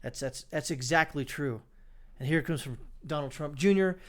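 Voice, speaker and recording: Male commentary host, slightly high, sarcastic and scornful, loose with fillers. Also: moderate pace, a bit bright. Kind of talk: political commentary reacting to clips and news.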